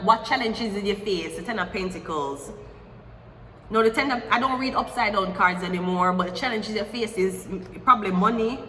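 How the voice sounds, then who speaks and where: A woman hosts a casual tarot reading, chatting and tossing in jokes as she turns the cards. Her voice is bright and forward. The room rings with a long echo over a faint hiss. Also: mid-range voice. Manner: chatty, joking asides, slow deliberate affirmations. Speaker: psychic tarot reader.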